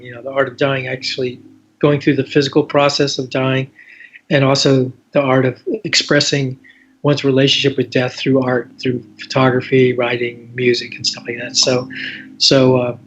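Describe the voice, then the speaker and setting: A man being interviewed as a magazine editor, talking casually with many restarts and frequent "you know"s. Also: medium pitch. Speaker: magazine editor and photographer, guest. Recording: dull lo-fi sound with faint background hiss.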